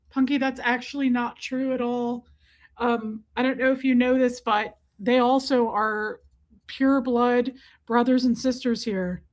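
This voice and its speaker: A woman's voice: fairly high pitch, steady tone, measured pace. A woman chatting casually on a live stream, talking with viewers about her pets, swearing freely and sometimes putting on silly voices for her cats.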